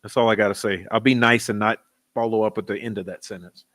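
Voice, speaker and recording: A man's voice: lowish voice, fairly even intonation, fast, fairly bright tone. A man giving profane, sarcastic, combative commentary on interview clips during a live stream.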